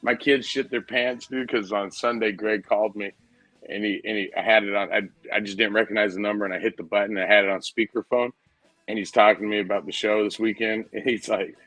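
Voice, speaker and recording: A low-pitched man in his forties tells rambling, profane stories in an easy, casual podcast chat. His voice sits dry and close to the mic, with no room sound around it. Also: steady tone, fast, a bit bright, no echo, soft background music, poor audio. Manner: profane, rambling storyteller, says dude a lot. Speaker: podcast host.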